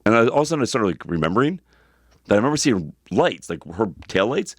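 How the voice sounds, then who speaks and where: A man's voice: fairly low pitch, big pitch swings, quick pace, dry recording, studio quality. A man in his thirties co-hosting a podcast, telling a rambling story in casual chat, swearing freely and repeating himself. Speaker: podcast co-host.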